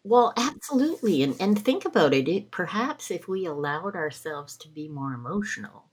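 Middle-aged Canadian woman guest, candid storyteller, low-ish register. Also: expressive, moderate pace, breathy edge. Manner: reflective, laughs often mid-sentence. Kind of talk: podcast conversation.

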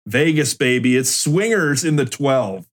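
A man's voice: medium pitch, animated, a little slow. A man hosting a podcast in casual chat, announcing movie matchups like a sports caster. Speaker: podcast host running a movie bracket.

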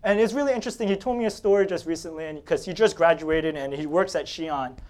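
A man's voice: a little high, fast talker, darkish tone. A man from Staten Island, New York preaching a sermon, telling personal stories in a joking, conversational way and laughing often.

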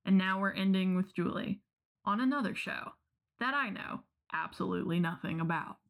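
A woman's voice: mid-range voice, lively intonation, moderate pace, creaky. Upbeat woman podcast co-host. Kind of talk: casual chat.

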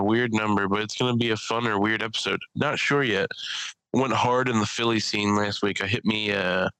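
A man telling rambling, profane stories in a loose podcast chat, often laughing at his own tales. His voice is bright and forceful, smooth and crisp, recorded dry and close. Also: on the low side, no echo, low-quality recording. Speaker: podcast host and stand-up comedian. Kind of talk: casual storytelling chat.

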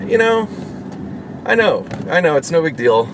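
A man's voice: fairly high pitch, sing-song, measured pace. A man vlogging from his car in traffic, rambling, irritated and swearing a lot as he talks to viewers. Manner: rambling, profane, with lots of restarts. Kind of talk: casual rambling monologue to viewers. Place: inside a car, driving in traffic. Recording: road and traffic noise.

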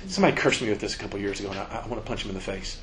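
A man's voice: on the low side, very fast, slight background noise. A man giving an informal, joking talk to students as a campus minister, acting out quoted voices. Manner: animated, joking, acts out quotes.

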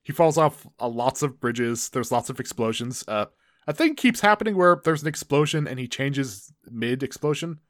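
A man's voice: medium pitch, big pitch swings, normal speed, dry recording, studio quality. Laughing, loose-talking young man. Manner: laughs often, restarts mid-sentence. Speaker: podcast co-host. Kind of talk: casual recap chat.

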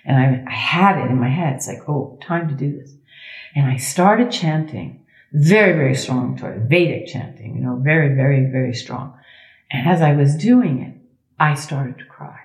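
A middle-aged woman, a sound healer speaking as a guest in a conversational interview, expressive and emphatic, leaning on slow repetitions. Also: low voice, reverberant. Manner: expressive, acts out inner thoughts in quoted voices.

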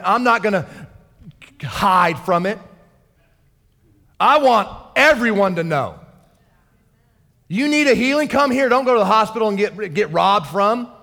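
A male pastor preaching a fervent, excitable sermon in a church hall. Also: very high-pitched, gravelly.

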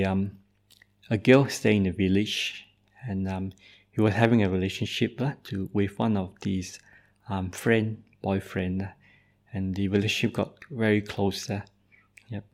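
A Buddhist monk tells a story in a dharma talk, speaking in halting phrases that nearly always end in "eh". His voice sits low and carries a noticeable gravelly fry. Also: level tone, a little mellow. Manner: hesitant, tags nearly every phrase with "eh".

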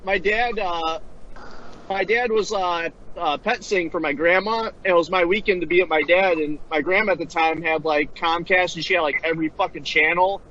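A man's voice: high voice, normal speed, pushed and bright. A man chatting casually as a co-host, a laid-back storyteller who says dude and like a lot. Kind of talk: casual profane chat. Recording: dull lo-fi sound.

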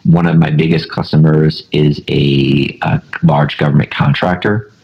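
A man's voice: rumbling low, fairly even intonation, unhurried, vocal fry, husky. A man from Buffalo, New York, a podcast guest telling a story in a rambling, casual way with many restarts. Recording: dull lo-fi recording.

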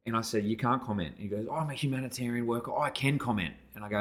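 A man's voice: medium pitch, quick pace, hardly any pauses. An Australian man in his thirties co-hosting a podcast, telling a story in casual chat and acting out the other people in it. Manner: animated, acts out both sides of the story with raised voice. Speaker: podcast co-host.

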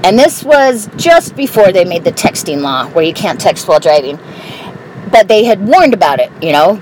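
A woman's voice: medium pitch, big pitch swings, moderate pace, low-quality recording. A woman telling stories in a candid, profane, casual way while she drives her car. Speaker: vlogger. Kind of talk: casual monologue while driving. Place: inside a car on the road. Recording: loud road and car noise.

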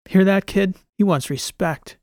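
A man voicing a hard, cynical male veteran soldier who talks gruffly and with contempt. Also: sits high, measured pace, a little mellow, dry recording, clean studio sound, voice pushed up. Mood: menacing contempt.

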